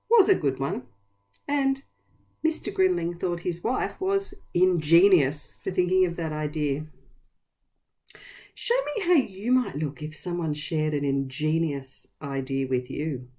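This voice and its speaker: A woman teaches new words to young children in a gentle, encouraging manner. Her voice sits a little low, yet her pitch moves with lively, wide swings. She takes it unhurried, sounding each word out with care. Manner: encouraging, speaks slowly and clearly to kids. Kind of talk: vocabulary lesson for young children.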